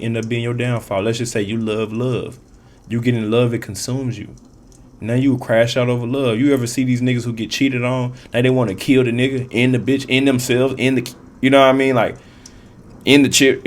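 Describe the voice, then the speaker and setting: A man giving a casual tarot reading, rambling and repeating himself, in loose, profane street slang with frequent laughs. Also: mid-range voice. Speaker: tarot reader.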